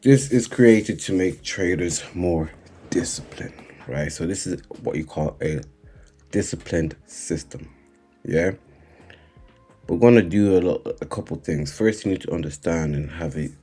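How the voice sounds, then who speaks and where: A man giving a live-streamed trading lesson, speaking slowly and repeatedly checking in with his viewers. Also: sits low, warm tone, slightly rough, soft background music. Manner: unhurried, repeating "right?" and "guys" to the chat. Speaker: trading instructor.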